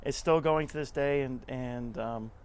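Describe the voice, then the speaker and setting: A man being interviewed tells stories in a sincere, chatty way, slightly slow and in a mid-range voice, often doubling back on words. There's a little hiss or hum on the audio.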